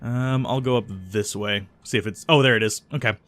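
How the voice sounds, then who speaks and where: Guy doing laid-back game commentary, bright crisp voice, dry close sound, lots of ums. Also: on the low side, normal speed, no room sound, faint music behind. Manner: musing, reads game text aloud, frequent ums. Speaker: let's play host. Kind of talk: casual gameplay commentary.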